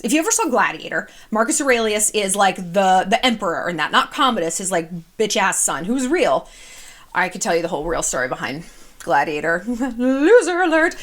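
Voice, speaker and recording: Woman vlogger, thirties, casual advice to camera, candid, chatty, swears freely, mid-pitched voice. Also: fairly bright tone.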